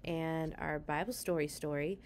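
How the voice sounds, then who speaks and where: A woman hosting a read-aloud storytime, chatting with children between the pages in an animated way. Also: sits low, moderate pace, slight background noise.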